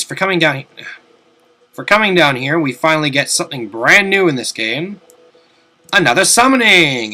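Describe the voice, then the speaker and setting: A young man giving casual, rambling commentary over a video game from his desk at home, swearing now and then and breaking into loud outbursts. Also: a little high. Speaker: let's play commentator.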